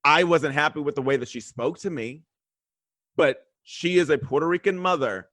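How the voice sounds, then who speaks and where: A man's voice: a little high, normal speed, no room sound. A man telling a story in casual chat as a guest, acting out the quotes. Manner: animated storyteller, acts out quotes. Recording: remote video call.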